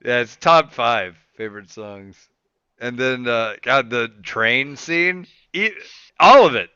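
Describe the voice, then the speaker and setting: A man's voice: mid-range voice, lively intonation, takes it slowly, pushed and bright, smooth, dry recording, highs cut off. A man co-hosting a casual gaming podcast, teasing and enthusiastic, swearing as he talks. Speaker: podcast co-host.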